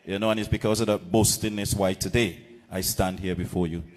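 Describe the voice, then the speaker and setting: A man with a Vincentian accent giving a political rally speech, measured and deliberate with pauses and repetitions. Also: low-pitched, steady tone, in a large hall. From Saint Vincent and the Grenadines. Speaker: political candidate. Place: outdoor political rally platform.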